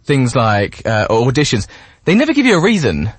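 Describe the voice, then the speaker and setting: A man hosting a radio chat, talking in an animated, rambling way and laughing a lot. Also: medium pitch, moderate pace, breathy edge, no room sound. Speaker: radio presenter. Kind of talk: casual interview chat. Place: radio studio.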